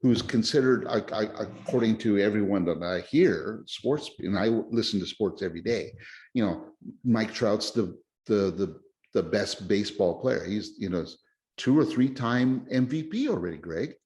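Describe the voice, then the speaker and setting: Rambling excitable man, casual chat. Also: fairly low pitch, moderate pace. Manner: rambling, excitable, many restarts. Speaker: podcast host. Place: lives in Japan.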